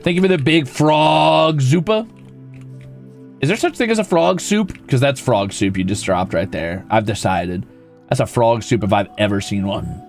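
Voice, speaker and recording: A man streaming a building game, playful and swearing casually, who jumps into high squeals when greeting creatures and chats with viewers. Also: lively intonation, normal speed, gravelly, soft background music. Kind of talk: live gameplay commentary.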